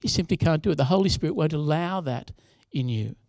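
A man's voice: a little high, animated, brisk, creaky, darkish tone, dry recording. A younger man preaching a sermon in a conversational way, with asides to the congregation. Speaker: pastor.

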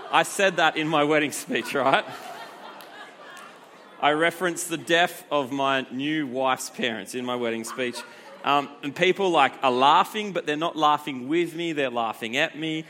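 A man in his thirties preaching a youth sermon, a lively self-deprecating storyteller who acts out the quotes in his stories. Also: on the high side, moderate pace. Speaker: youth pastor.

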